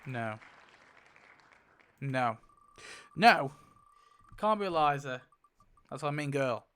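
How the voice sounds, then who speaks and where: Excitable young man, smooth voice. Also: medium pitch, slow, a faint crowd. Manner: excitable, laughs often, swears, counts aloud. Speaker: YouTuber spinning a wheel. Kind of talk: casual commentary while playing.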